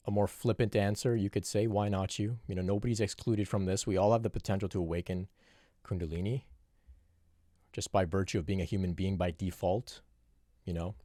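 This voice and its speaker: A man speaking as a spiritual teacher, answering a viewer's question in a reflective, unhurried monologue with frequent restarts. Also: low-pitched, dark tone, dry recording, studio quality. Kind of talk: solo Q&A monologue.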